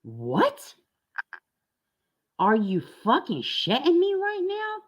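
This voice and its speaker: A woman's voice: high voice, wildly swooping pitch, slow pace. A woman hosting a reaction commentary channel, blunt and indignant, swearing freely as she reacts to clips.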